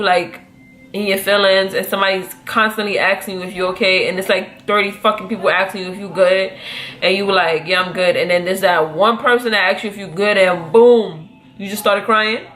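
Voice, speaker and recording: A young adult woman telling a casual storytime story in a profane, slangy, animated way. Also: mid-range voice, a little fast. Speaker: vlogger.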